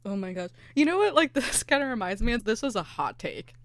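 Californian woman host, animated, laughs a lot, dry close sound, casual chat. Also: fairly high pitch, a little fast, no echo. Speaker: podcast host.

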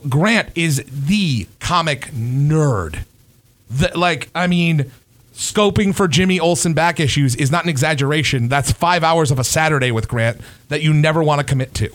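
Heartfelt, rambling male podcast host. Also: fairly high pitch. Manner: heartfelt, rambling, swears casually. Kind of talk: casual podcast chat.

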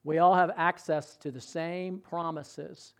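High-voiced male preacher telling stories. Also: fairly even intonation, takes it slowly, clear, resonant tone. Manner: conversational storytelling, quizzing the congregation. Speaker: pastor. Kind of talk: sermon.

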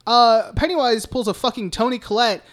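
A man's voice: extremely high pitch, brisk, fairly bright tone. A man co-hosting a casual film podcast, recapping scenes in a rambling way with lots of swearing and filler words. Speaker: podcast co-host.

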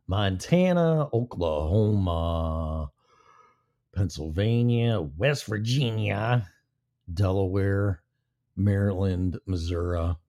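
A man with a low, warm voice hosts a live-stream show, rambling casually and swearing as he kills time. His mic sits off to the side of his mouth.

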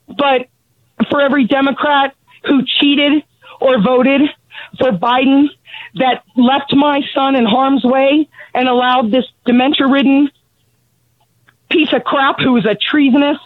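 A middle-aged woman, out of breath from pacing, speaks angrily and bluntly with halting restarts about losing her son. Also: high-pitched, dry recording. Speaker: grieving mother of a fallen Marine, calling in. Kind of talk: emotional phone testimony. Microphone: telephone. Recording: tinny, dry phone line.

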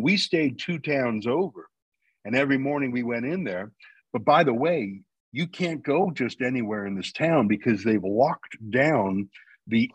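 Guest spot: husky, dry-sounding man from Canada, opinionated, presses his points hard. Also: medium pitch, dry recording, highs cut off. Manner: argumentative, emphatic, builds points with rhetorical questions. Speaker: guest, news company founder. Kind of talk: radio interview talk.

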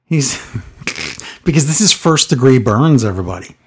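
A man's voice: mid-range voice, very animated, unhurried, husky. A man co-hosting a casual chat, recapping a show in a sarcastic, exasperated way. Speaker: podcast co-host recapping wrestling.

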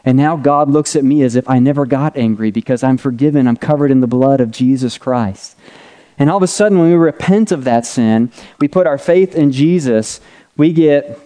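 A man's voice: mid-range voice, normal speed, dark tone, smooth. A middle-aged man preaching a conversational teaching sermon, drawing a diagram on a board as he talks and often checking in with "right?" and "okay?". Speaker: pastor.

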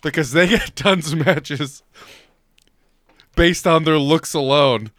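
A man's voice: fairly high pitch, slow pace, fairly bright tone, dry recording. Teasing young man on a podcast. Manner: teasing, laughs often, mock-exasperated. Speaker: podcast co-host. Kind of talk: casual podcast banter.

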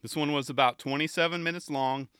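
A man's voice: fairly high pitch, steady tone, fast, fairly bright tone, smooth, dry recording, studio quality. A man hosting a podcast on his own, chatting casually and enthusiastically, often restarting his sentences. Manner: rambling, enthusiastic, self-interrupting. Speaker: podcast host. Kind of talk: casual solo podcast talk.

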